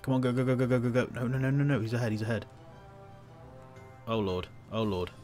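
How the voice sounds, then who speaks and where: A man's voice: mid-range voice, fast, a little mellow, faint music behind. A man giving casual let's-play commentary, jittery, chatty and self-mocking as he plays. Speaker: gameplay commentator.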